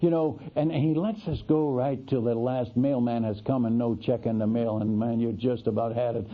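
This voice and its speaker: A man, a missionary preacher, tells a story from the pulpit in an animated, folksy way, often restarting his sentences. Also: mid-range voice, moderate pace. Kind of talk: storytelling sermon. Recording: tinny, lo-fi radio broadcast.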